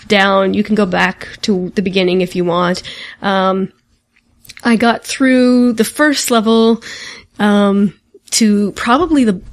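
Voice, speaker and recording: A woman co-hosting a casual video game podcast, chatting loosely and breaking into giggles between phrases. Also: medium pitch. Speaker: podcast co-host.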